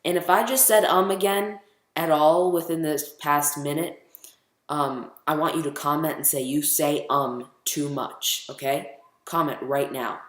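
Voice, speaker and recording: A man's voice: a little high, fairly even intonation, normal speed, fairly bright tone. A teenage boy vlogging casually, rambling and chatty, full of ums as he counts down his favorite movies. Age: teens. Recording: echoey room.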